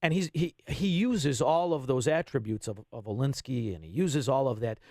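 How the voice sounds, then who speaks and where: A man, ranting bluntly as a radio guest and swinging between loud bursts and low asides. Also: moderate pace, dry recording, clean studio sound. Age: 50s. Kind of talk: heated political radio talk.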